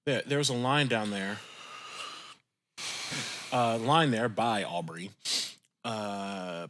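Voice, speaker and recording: Male co-host, lowish pitch, bright edge; blunt, swears freely, quick joking asides. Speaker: podcast co-host. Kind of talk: casual chat.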